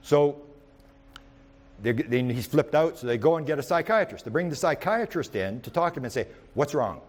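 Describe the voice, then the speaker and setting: Speaking at a normal speed in a slightly high voice, a man lectures on UFO research through anecdotes. He's a lively present-tense storyteller who rambles, keeps restarting and repeats words.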